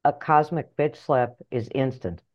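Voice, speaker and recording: A middle-aged woman author and life coach telling her story in an interview, animated and blunt, acting out voices in her head. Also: extremely low pitch, measured pace, muffled recording. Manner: animated, acts out inner voices, earthy phrasing.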